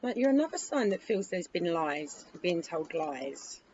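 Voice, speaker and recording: A woman hosting a casual tarot reading, chatting in a relaxed way with frequent ums. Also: on the low side, unhurried, dull audio, a little hiss or hum. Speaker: tarot reader.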